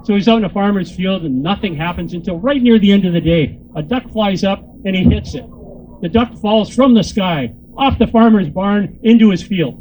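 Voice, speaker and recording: A man's voice: high voice, normal speed, a little mellow, a little hiss or hum, rough recording. A man, a motivational speaker and corporate trainer, giving a joking, crude, rousing speech to a crowd into a handheld microphone.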